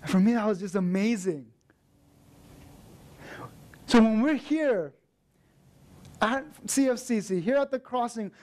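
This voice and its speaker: Young male minister, high voice, storytelling sermon with animated quotes. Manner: storytelling with lively acted quotes. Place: church.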